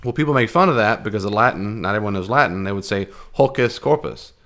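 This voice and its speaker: A man teaching a Bible class in a conversational, animated way, with fillers and restarts. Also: fairly low pitch, very fast.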